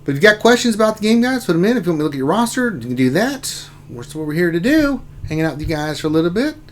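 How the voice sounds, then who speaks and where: A man hosting a casual gaming livestream, talking through his game, with loud exclamations and laughter. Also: high voice, very animated, racing, a little hiss or hum. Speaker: livestream host.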